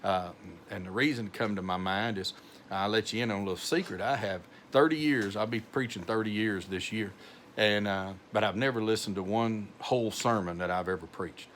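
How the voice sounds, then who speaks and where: Slow-talking North Texas pastor. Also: male voice, fairly low pitch, a bit bright, a little hiss or hum. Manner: slow, rambling, many fillers and restarts. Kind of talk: informal devotional talk.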